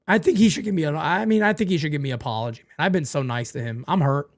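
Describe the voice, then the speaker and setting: Here a man with a fairly high pitch talks fast while running a live fan watch party. He calls the action and banters with viewers in a playfully melodramatic style, repeating phrases as he goes.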